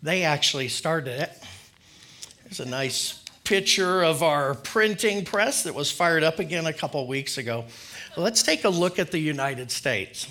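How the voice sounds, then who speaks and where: A man's voice: a little high, lively intonation, unhurried, bright, forceful tone. A man giving a casual, conversational sermon in church, friendly and loose with filler words. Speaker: lay preacher.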